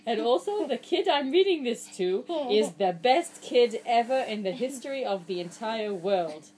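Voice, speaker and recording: A woman's voice: fairly high pitch, expressive, normal speed, a little mellow. A woman reading a children's book aloud to a child, playful and mock-exasperated, breaking into silly nonsense sounds.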